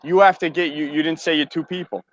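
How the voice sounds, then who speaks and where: A man hosting a podcast, telling a story in a casual, animated way and swearing a lot. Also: on the high side, fast talker, muffled recording, a little hiss or hum.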